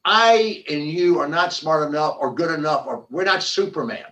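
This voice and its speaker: An older man, a podcast guest who is a former football player and business founder, tells animated stories in a conversational interview. His voice is on the high side at a normal speed and sounds slightly distant, and he frequently restarts and repeats himself.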